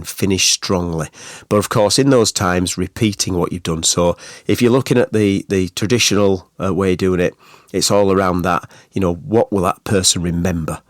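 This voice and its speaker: Chatty man, low voice. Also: dry recording, studio quality. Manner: chatty, rhetorical questions, many "you know"s. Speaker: podcast host. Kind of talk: solo advice podcast.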